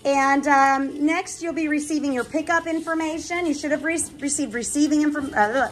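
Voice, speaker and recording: A high-voiced woman breeder talks casually while handling puppies indoors. She trips over her words and coos at the pups in baby talk. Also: moderate pace, a little hiss or hum, poor audio. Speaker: dog breeder. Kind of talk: casual vlog chat. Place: indoor puppy pen.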